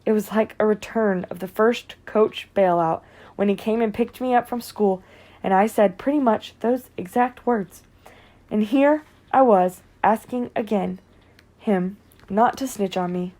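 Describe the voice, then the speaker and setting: A woman's voice: medium pitch, a little slow, mellow. A woman giving earnest, emotional first-person audiobook narration.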